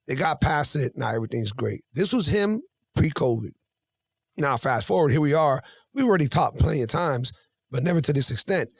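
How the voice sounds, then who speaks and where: A man in his forties telling a story on a podcast, animated and acting out both sides of a conversation. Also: fairly high pitch, a little fast, gravelly, slightly rough, dry recording, clean studio sound. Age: 40s. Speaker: podcast guest. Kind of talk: casual storytelling.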